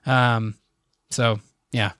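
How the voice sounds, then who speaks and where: A man's voice: medium pitch, flat delivery, very slow, a bit bright, clean tone, no echo, studio quality. A man co-hosting a podcast in casual chat, easygoing and hesitant, with lots of fillers. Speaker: podcast co-host.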